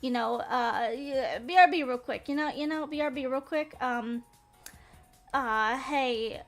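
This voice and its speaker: A woman's voice: sits high, unhurried, faint music behind. A young woman from North Carolina, a streamer chatting casually to her viewers in a bubbly, rambling way and often breaking into giggles.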